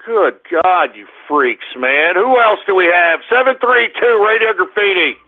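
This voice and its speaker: A man hosting a radio comedy bit, cursing and shouting in exasperated rants. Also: high-pitched, lively intonation, measured pace. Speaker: radio show host. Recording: tinny phone-like sound with music under it.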